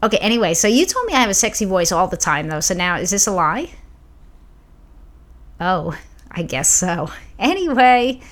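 A woman co-hosting a podcast in casual chat, telling stories in an animated, rambling way. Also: mid-range voice, fast, few pauses. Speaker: podcast co-host.

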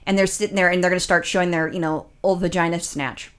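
Woman co-host, casual story, lively and profane, acts out the quotes. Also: lowish voice, quick pace, smooth. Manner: animated, swears freely, acts out quotes.

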